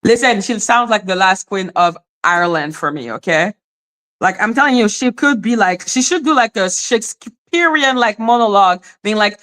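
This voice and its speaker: A woman's voice: medium pitch, expressive, moderate pace, a bit bright. A woman hosting a livestream, ranting bluntly at viewers in her chat and swearing freely. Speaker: livestream host reacting to chat. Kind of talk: casual livestream rant.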